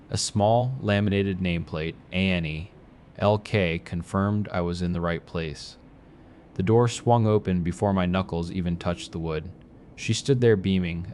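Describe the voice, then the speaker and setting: A man reads a horror story in a very deep voice. His delivery is measured and grim, with a faint hiss of noise behind him. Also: darkish tone. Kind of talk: scripted horror narration.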